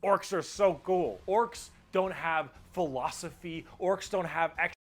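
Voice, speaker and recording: Higher-voiced man joking about game lore. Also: slow. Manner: irreverent, swears, mock-dumb phrasing. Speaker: video essay narrator. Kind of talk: comedic casual explainer.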